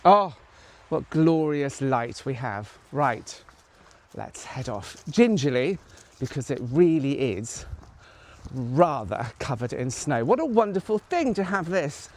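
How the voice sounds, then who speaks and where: A vlogger in casual chat who keeps switching into high, sing-song talk aimed at the dogs. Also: very animated, slow pace. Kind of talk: casual vlog narration. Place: a house and snowy fields outdoors.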